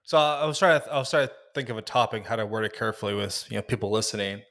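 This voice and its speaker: Low-voiced, easygoing man, halting. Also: a bit bright. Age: adult parent. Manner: easygoing, halting, searching for words. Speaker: podcast co-host. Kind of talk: casual chat.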